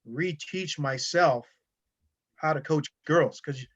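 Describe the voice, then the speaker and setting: A male high school wrestling coach, a podcast guest, telling stories in a loose, rambling way full of fillers and restarts. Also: takes it slowly. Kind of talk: casual conversational storytelling. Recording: dull lo-fi sound.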